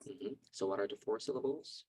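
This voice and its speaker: A man teaching an online English lesson on a video call, calling on students and patiently repeating words slowly to drill pronunciation. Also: fairly low pitch, darkish tone, husky, dry recording, low-quality recording.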